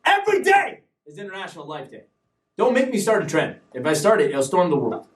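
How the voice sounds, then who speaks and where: Animated high-pitched man hosting a live show. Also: roomy sound, recorded from a distance. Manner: animated, preachy, quick jokes and sudden loud bursts. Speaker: show host. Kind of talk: energetic live-stream talk.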